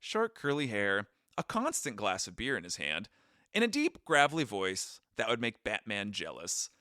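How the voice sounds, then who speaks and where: A man's voice: on the low side, huge pitch swings, moderate pace, sharp tone, no room sound, clean studio sound. A young man co-hosting a podcast, telling a travel story in casual chat with goofy impressions and a read-from-notes stretch. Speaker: podcast co-host.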